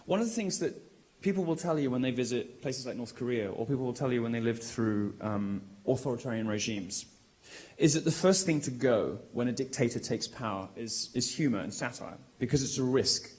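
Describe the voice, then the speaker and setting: A British man giving a provocative, mocking live speech to a college crowd in a large, lively room, delivering it loudly and with projection. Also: mid-range voice, a little fast. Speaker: public speaker.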